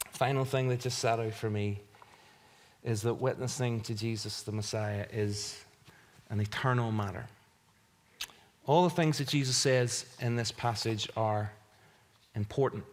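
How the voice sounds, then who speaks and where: A pastor preaching a sermon in an earnest, emphatic way, repeating key phrases for weight. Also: male voice, mid-range voice.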